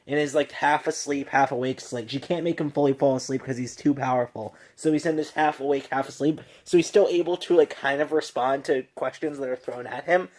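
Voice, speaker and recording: A man's voice: mid-range voice, fairly even intonation, a little fast, few pauses, a little mellow. A tipsy man casually reviewing a film on his vlog, gushing and rambling with many restarts and laughs.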